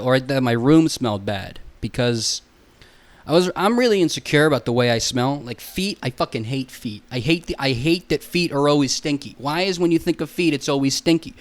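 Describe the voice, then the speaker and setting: A young man hosting a solo podcast alone in a room, goofy and self-mocking, rambling and swearing a lot. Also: medium pitch.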